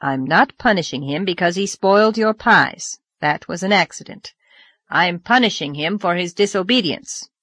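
A woman reading aloud, voicing a stern older woman scolding a child, firm and sharp. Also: on the low side, lively intonation, moderate pace, slightly rough, dry recording.

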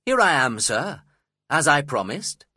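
A man voicing a polite, awkward young gentleman visitor in a storybook reading, speaking eagerly and cheerfully. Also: mid-range voice, sing-song, unhurried, breathy edge, dry recording, studio quality, voice pushed up, exaggerated voice.

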